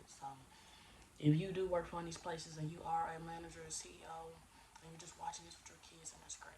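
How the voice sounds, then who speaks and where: A woman's voice: low voice, a little mellow, far from the mic, a little hiss or hum. A young woman giving casual, slangy job-search advice in a chatty way, acting out phone calls as she goes.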